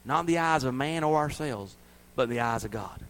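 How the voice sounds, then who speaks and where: A man from the American South preaching a sermon, swinging from loud, high-pitched exhortation to hushed intensity. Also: lively intonation, a little fast, a little hiss or hum. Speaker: pastor.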